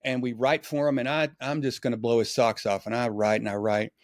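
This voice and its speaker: A man tells stories as a podcast guest, animated and acting out quoted dialogue. His pitch is middling and the sound is close and dry. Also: a little fast, no room sound. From East Texas. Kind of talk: casual storytelling.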